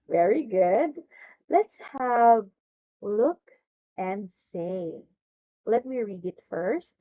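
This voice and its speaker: A woman teaching English to a young child over a video call. She speaks very slowly, with a lively voice that rises and falls, and praises often. Her tone is mellow and the sound is a little dull and lo-fi. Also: mid-range voice. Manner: slow, exaggerated and encouraging, with lots of praise. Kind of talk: demo lesson for a child.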